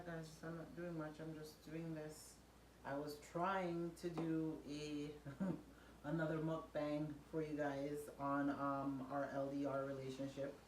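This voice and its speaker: A Jamaican woman chatting casually and rambling a little while she cooks in her kitchen for her vlog, laughing softly now and then. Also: low-pitched. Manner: relaxed, rambling talk with soft laughs. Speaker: vlogger and mother. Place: home kitchen, indoors. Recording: echoey room with background noise.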